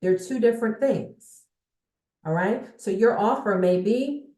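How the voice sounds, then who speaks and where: A woman's voice: mid-range voice, a little slow, dark tone. Emphatic woman coaching in an echoey room. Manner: emphatic, checks in often with the audience. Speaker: sales and business coach. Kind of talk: motivational coaching talk to viewers. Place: indoor room with a bookshelf behind her.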